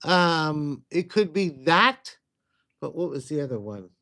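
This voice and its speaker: A man with a slightly high voice hosts a relaxed livestream. He rambles and chats as he takes viewers' questions one by one. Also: slow. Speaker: psychic livestream host. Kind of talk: casual livestream Q&A.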